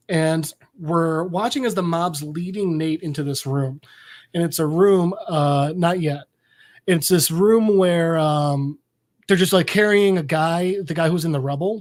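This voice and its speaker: Rambling podcast co-host recapping a story. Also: medium pitch. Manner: rambling storytelling with many fillers; acts out quoted characters. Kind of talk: casual recap chat.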